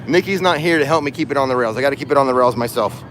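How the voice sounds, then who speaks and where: A man's voice: mid-range voice, rapid-fire, a bit bright, a little hiss or hum. A man hosting a casual livestream while walking through a theme park, joking and laughing at his own jokes. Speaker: livestream host. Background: music and crowd in the background.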